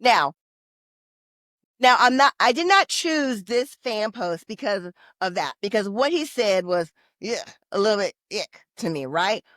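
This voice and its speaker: Animated woman podcast co-host, dry sound. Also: medium pitch, a little slow, no echo. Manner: animated, opinionated, bursts of loudness. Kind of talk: casual podcast chat.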